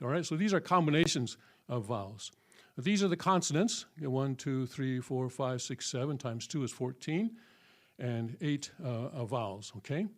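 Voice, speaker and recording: A man's voice: mid-range voice, a little mellow. Folksy man teaching with lots of "okay?". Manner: folksy, full of fillers and checking "okay?". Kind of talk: classroom lesson. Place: church hall.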